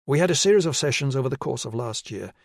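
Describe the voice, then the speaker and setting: A male audiobook narrator voicing a nervous woman psychiatrist in her late forties, speaking in a hesitant, measured way. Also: mid-range voice, lively intonation, gravelly, dry recording, clean studio sound, pitched above the performer's own voice. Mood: guarded.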